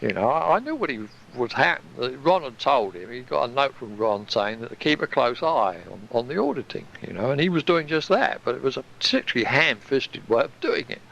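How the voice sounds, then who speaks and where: A man recounting his past in a recorded reminiscence, animated and casually swearing. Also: medium pitch, a little fast, creaky, hardly any pauses, lo-fi sound, slight background noise.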